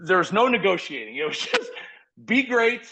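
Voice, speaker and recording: A man in his forties from South Dakota, a podcast guest telling stories in an energetic, earnest, rambling way full of restarts. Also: high voice, moderate pace, poor audio. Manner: earnest, motivational. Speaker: podcast guest, former college football walk-on. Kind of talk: casual conversational storytelling.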